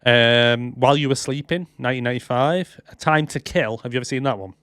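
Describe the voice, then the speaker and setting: A man's voice: mid-range voice, fairly quick, fairly bright tone, smooth, dry recording, clean studio sound. A man co-hosting a movie podcast, chatting casually and rambling with lots of fillers. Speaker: podcast co-host. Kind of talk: casual chat.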